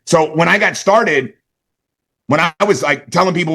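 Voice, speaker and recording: A forceful, bright-toned middle-aged man from California gives a high-energy sales pep talk. He hammers short catchphrases and keeps tagging lines with "right?" and "okay?". His voice sits a little high for a man. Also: moderate pace. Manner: emphatic, repeats catchphrases, asks "right?" and "okay?". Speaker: motivational sales trainer.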